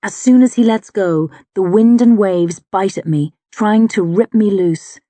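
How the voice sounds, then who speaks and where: A woman narrating a fantasy audiobook in the first person, with a measured, dramatic delivery. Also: mid-range voice, warm tone, dry recording.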